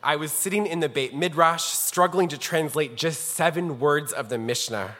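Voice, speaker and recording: In a synagogue sanctuary with long hall reverb, a rabbi formally and earnestly introduces a guest scholar through a personal story. His voice is a little high, bright and forceful, at a moderate pace.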